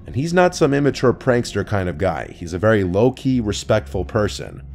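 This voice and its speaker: A man narrating a true horror story in a calm, measured, scripted way. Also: low voice.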